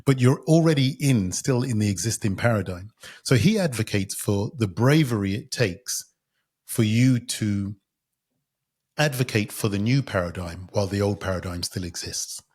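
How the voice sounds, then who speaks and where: A man's voice: fairly low pitch, animated, normal speed, darkish tone, breathy edge. A man hosting a podcast interview, enthusiastic and restarting his sentences. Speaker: podcast host.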